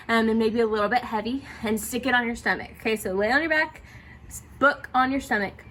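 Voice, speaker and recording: Guiding theatre students through breathing exercises, a woman speaks in a slightly high, pushed, bright voice. She's encouraging and often checks in with "okay?" A little background noise is audible.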